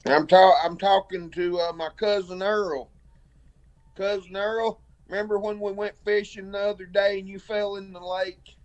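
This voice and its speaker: Man, caller, casual, hesitant, many fillers, slightly high voice. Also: level tone, dull audio. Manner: halting, full of fillers and restarts. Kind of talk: casual chat. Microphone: phone.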